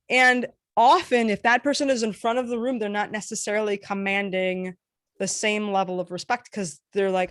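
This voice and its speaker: A woman teaching a casual workshop, animated with playful asides as she demonstrates intonation. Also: mid-range voice, normal speed, no room sound, clean studio sound. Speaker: workshop facilitator.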